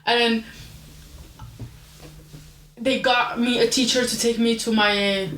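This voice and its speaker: A young woman podcast host casually telling a story in an animated, chatty, self-deprecating way. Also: a little high, slow pace, roomy sound, slight background noise.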